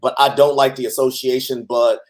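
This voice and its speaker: A man with a Midwestern American accent joins a livestream as a guest and chats casually. He often stalls and restarts mid-sentence. His voice sits in a middle pitch. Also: flat delivery, fairly quick, crowd noise. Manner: hesitant, many fillers and restarts. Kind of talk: casual chat.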